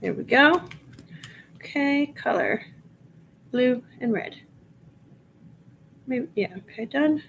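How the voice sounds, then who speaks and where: Typing up listings live, a Long Island woman chats casually and murmurs bits of her work aloud to herself. She has a high, gravelly, somewhat bright voice that's expressive yet slow, with frequent pauses. The audio is poor and carries slight background noise.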